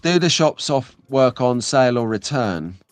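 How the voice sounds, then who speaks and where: Soft music plays behind a dry recording of a middle-aged man hosting a live stream. His medium-pitched voice is expressive and unhurried as he chats loosely and reads viewer comments out loud.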